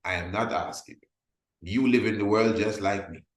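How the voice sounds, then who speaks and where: A man's voice: on the low side, normal speed. A man presenting a motivational sales webinar. He talks emphatically, repeats his points and acts out little scenes to make them. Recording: roomy echo.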